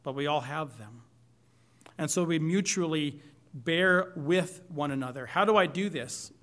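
Earnest man preaching, slightly high voice. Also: a little slow, fairly bright tone. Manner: earnest, emphatic preaching with rising and falling intensity. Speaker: pastor. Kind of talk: sermon.

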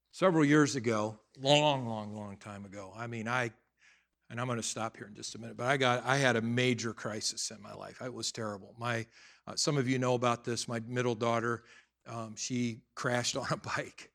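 Bright-voiced male pastor preaching conversationally. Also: mid-range voice, normal speed, creaky. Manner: conversational, swings from quiet asides to loud emphatic bursts. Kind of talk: sermon with personal story.

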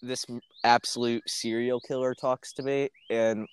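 A man's voice: medium pitch, flat delivery, unhurried, clear, resonant tone, no echo. A teenage boy, a podcast guest, chatting casually, rambling with restarts and frequent laughter. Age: teens. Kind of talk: casual chat.

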